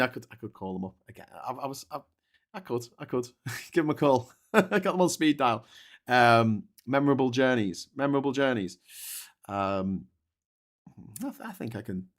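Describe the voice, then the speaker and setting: A man's voice: on the low side, fairly bright tone. Rambling, chatty British male stream host. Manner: chatty, digressive, laughs often, stammering restarts. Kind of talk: casual live-stream chat, reading viewer comments.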